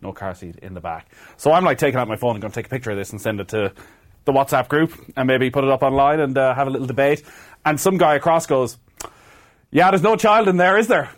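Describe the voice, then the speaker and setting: A man's voice: medium pitch, quick pace. A man co-hosting a podcast, telling a story in casual chat and laughing often. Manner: laughs a lot while telling stories. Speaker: podcast co-host.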